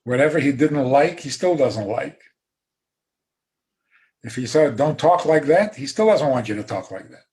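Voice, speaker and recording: A man giving a rabbi's talk over a video call, emphatic, with dry humor and soft laughs. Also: mid-range voice, lively intonation, normal speed, long pauses. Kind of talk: talk on a zoom call, answering questions.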